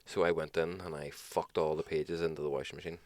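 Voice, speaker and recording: A man's voice: a bass voice, little pitch movement, fast talker, no echo. A young adult man with a Northern Irish accent, co-hosting a casual podcast, telling stories and ranting bluntly with constant swearing. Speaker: podcast co-host. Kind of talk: casual chat, storytelling.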